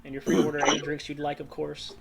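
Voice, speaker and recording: A man narrating a tabletop game as game master, lively and quick. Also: on the high side, vocal fry, over loud music.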